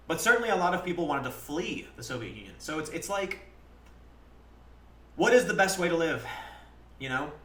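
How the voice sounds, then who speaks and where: A man in his thirties talks through a casual live-stream monologue, blunt and full of swearing, and slips into animated quoted lines from his own past. His voice is bright and forceful. The room around him is echoey. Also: fairly high pitch. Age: 30s. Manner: blunt and profane, with frequent restarts.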